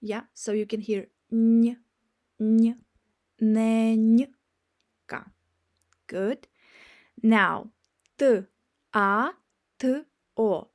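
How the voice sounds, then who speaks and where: A woman teaching a beginner language lesson, spelling out words and checking in with "yeah?" after each point. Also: fairly high pitch. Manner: spells out and repeats words slowly.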